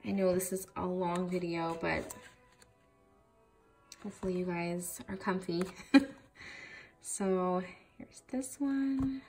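Young adult woman, enthusiastic haul-video host, casual and gushing, soft music bed. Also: lowish voice, takes it slowly, pauses often. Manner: gushing, enthusiastic, many fillers. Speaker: craft vlogger.

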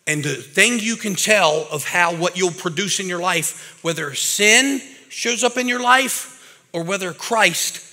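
A man preaching a lively, casual sermon to a live audience, talking like a regular guy and calling people bro and man. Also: sits high. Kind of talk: energetic recovery-ministry sermon. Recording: reverberant hall.

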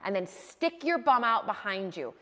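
A bright, cheerful young woman guiding a yoga class with a slightly high voice. She coaches in a chatty, encouraging way. The sound rings out with a long reverb, as in a large open room. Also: sing-song, moderate pace. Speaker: yoga instructor. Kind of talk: guided yoga class instruction.

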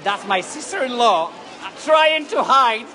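High-voiced excited man. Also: measured pace. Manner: gushing, excitable, chatty. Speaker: travel vlogger. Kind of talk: live excited vlog commentary. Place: city balcony outdoors over a parade street. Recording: loud crowd and street noise outdoors. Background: crowd cheering, church bells.

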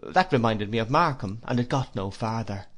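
A man giving a measured, expressive first-person audiobook narration. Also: lowish voice.

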